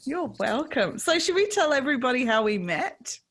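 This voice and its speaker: A woman with an Australian accent hosting a podcast in casual chat, loud, laughing and swearing freely. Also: sits high, very animated, normal speed. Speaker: podcast host.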